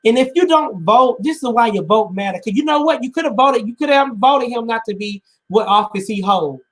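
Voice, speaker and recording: A man's voice: very high-pitched, lively intonation, brisk. Emotional man near tears on a panel show. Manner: emotional, repeats himself, builds to raised urgency. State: close to tears. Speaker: podcast co-host. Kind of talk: impassioned panel commentary.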